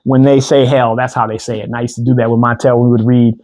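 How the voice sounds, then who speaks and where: A man co-hosting a casual couch chat, animated and preachy, slowing down to read scripture aloud. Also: mid-range voice. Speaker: co-host.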